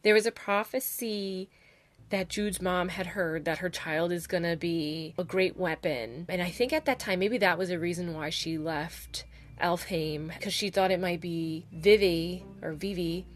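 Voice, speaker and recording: Soft music plays as a woman reviews a novel on her channel in a lowish voice at normal speed. Chatty and gushing, she spoils the plot freely and keeps saying "like" and "oh my God."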